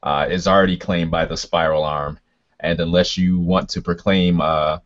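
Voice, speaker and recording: Guy doing a lofty imperial space knight, deep, formal, lots of uhs, muffled audio. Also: level tone, natural voice. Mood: stern. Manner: formal, halting with many fillers.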